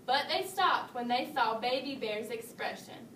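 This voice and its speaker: A woman reading a children's story aloud, expressive, lifting her voice for the bears. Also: a little slow, hardly any pauses, far from the mic. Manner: expressive read-aloud, raising pitch for the bears' lines. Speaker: storybook reader. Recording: echoey room, voice from off-mic, faint hiss.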